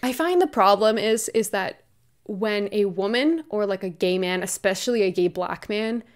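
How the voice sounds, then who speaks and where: A woman's voice: mid-range voice, moderate pace. A young woman giving casual, opinionated commentary on her vlog, laughing often and reading posts aloud. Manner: chatty, laughs often, reads tweets aloud. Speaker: commentary YouTuber.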